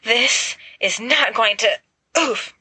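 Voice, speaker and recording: A woman's voice: fairly high pitch, slow pace, bright, forceful tone, slightly rough, dry recording, voice pushed up, full character voice. Woman voicing a flustered, panting teenage boy. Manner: panting, indignant.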